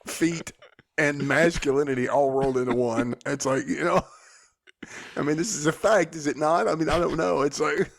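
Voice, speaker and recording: A man's voice: on the high side, normal speed, gravelly. A man co-hosting a book podcast, chatting casually and wandering off into apologetic digressions. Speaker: podcast co-host. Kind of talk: casual chat.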